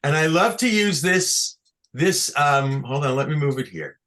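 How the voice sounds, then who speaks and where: Unhurried and expressive, this man has a slightly bright voice on the high side. He's teaching scripture chanting in an online class via video call, heard through a computer mic, and explains step by step while frequently checking that his students follow along.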